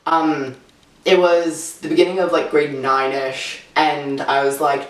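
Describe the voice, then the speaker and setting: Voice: medium pitch, level tone, measured pace. A teenager speaking frankly in a casual interview, full of "like" fillers. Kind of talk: candid personal interview. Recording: roomy sound from a distant mic, faint music.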